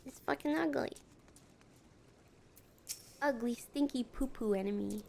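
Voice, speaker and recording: A woman's voice: on the high side, animated, a little slow, long pauses. A young adult woman streaming a game with casual, playful commentary, chatty and swearing freely.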